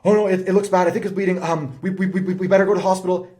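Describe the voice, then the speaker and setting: A man's voice: sits high, steady tone, rapid-fire, a little mellow, pitched above the performer's own voice, natural voice. A man voicing an anxious adult who stammers and panics over a child's scrape. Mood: alarmed. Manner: stammering, alarmed.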